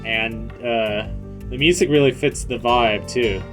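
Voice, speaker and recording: A man's voice: mid-range voice, a little slow. A man hosting a casual let's play, rambling through gameplay commentary with self-mocking jokes. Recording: loud game music behind.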